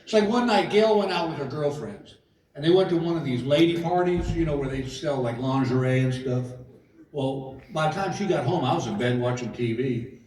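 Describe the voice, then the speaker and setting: A man's voice: fairly high pitch, animated, a little fast, darkish tone, recorded from a distance. A middle-aged man doing stand-up comedy, telling self-mocking stories and acting out every quote. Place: casino theater stage. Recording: echoey hall recording from afar with crowd noise. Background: audience laughter.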